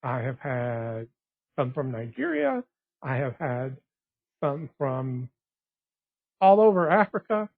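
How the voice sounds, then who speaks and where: Guy rambling on his blog, husky voice, kinda tinny like a phone. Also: medium pitch, sing-song, slow pace, long pauses, dry recording. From West Texas. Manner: rambling, digressive, restarts often. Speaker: blogger. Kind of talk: casual monologue. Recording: tinny phone-like dry sound.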